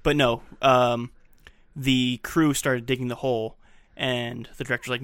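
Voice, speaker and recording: A man's voice: medium pitch, flat delivery, unhurried, a bit bright, clean tone, no room sound. A man co-hosting a casual podcast, walking through a film scene by scene and dropping behind-the-scenes fun facts. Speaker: podcast co-host.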